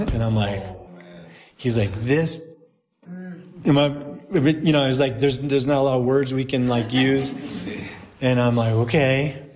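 A man in his forties, a priest, telling a story to a group in a lively way, laughing at his own anecdote. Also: mid-range voice.

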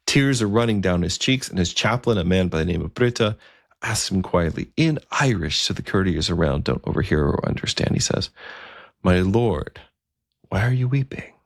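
A man's voice: deep voice, lively intonation, a little fast, gravelly, no room sound, clean studio sound. A man narrating a story in a conversational way, with occasional fillers.

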